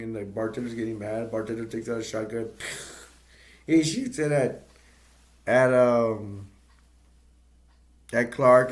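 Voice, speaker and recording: A man with a gravelly, creaky voice at an ordinary middle pitch recaps a movie in a loose, casual way. He rambles and restarts often, filling gaps with ums and uhs. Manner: rambling, halting retelling with many fillers and restarts. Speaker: movie reviewer.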